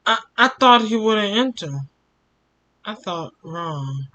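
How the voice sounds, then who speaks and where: Young male storytime host; slow reader, bright tense tone, emotional asides. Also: high voice, lively intonation, highs cut off. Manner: emotional, stops to comment and sigh. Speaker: storytime YouTuber. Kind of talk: reading a fan fiction story aloud.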